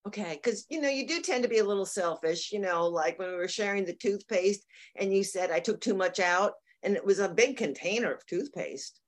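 A woman's voice: mid-range voice, animated, brisk, lightly acted. A woman playing a sincere partner in an improvised comedy scene who airs small grievances. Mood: complaining. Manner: earnest, then pointedly complaining. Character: earnest woman giving a keepsake, passive-aggressive.

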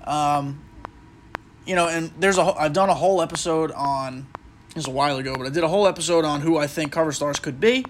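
A man speaks fast in a fairly high voice, with a little hiss or hum on the recording, as he hosts a podcast and plays a baseball video game. His casual commentary wanders through speculation and he interrupts himself often, relying on lots of fillers.

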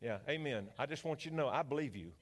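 A man's voice: medium pitch, expressive, quick pace. An older male pastor with a Louisiana accent, preaching a sermon as a folksy, joking storyteller.

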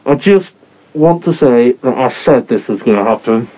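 A man's voice: medium pitch, lively intonation, moderate pace, lightly acted, rough recording. A man playing a grumpy, tired woman traveller in a comedy skit, in a near-plain voice. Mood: grumbling. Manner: grumbling, sweary.

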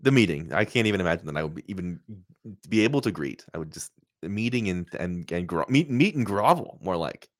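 A man co-hosting a casual chat show, playful and quick to laugh. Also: deep voice, animated. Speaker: co-host.

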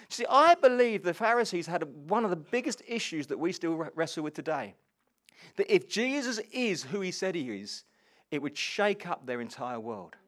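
A man's voice: sits high, normal speed. A man preaching a sermon and asking the congregation questions. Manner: animated, asks the congregation questions.

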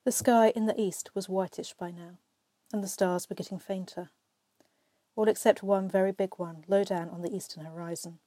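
A woman reading a storybook aloud, with expressive and measured narration. Her voice is warm and mellow, at a middle pitch. The recording is dry and close, with no room echo. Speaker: reader.

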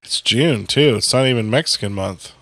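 A man's voice: mid-range voice, moderate pace, sharp tone, no room sound, studio quality. A man co-hosting a podcast in casual chat, goofy, swearing and laughing often. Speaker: podcast co-host.

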